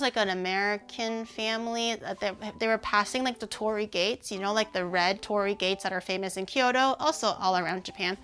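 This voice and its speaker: A woman streaming and chatting casually with her audience, rambling with lots of "like" and sounding animated and indignant. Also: on the high side, clear, resonant tone.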